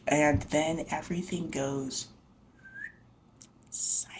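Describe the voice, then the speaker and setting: Low-voiced woman, casual slangy book vlogger, swears freely. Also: fairly even intonation, measured pace, a little mellow, slight background noise. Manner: chatty, slangy, lots of "like" and "you know", swears freely.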